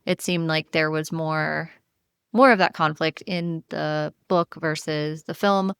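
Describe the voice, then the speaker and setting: A woman's voice: low-pitched, steady tone, slow, gravelly, fairly bright tone, smooth, dry recording, clean studio sound. A woman co-hosting a book club podcast in casual chat, thoughtful and restarting her sentences now and then. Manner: thoughtful, many small restarts and agreeing murmurs. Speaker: podcast co-host.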